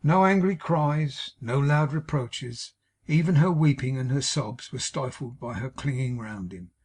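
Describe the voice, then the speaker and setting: Man, audiobook narrator, husky voice, measured solemn reading. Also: medium pitch, a little mellow. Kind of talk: scripted narration of a classic novel.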